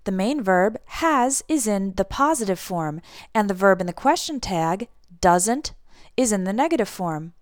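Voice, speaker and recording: A woman explaining grammar in a clear, deliberate teaching voice, her pitch rising and falling in a lively way as she models intonation. Her voice sits at a middle pitch and sounds close and dry, with no room echo. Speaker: English teacher. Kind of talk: scripted language lesson.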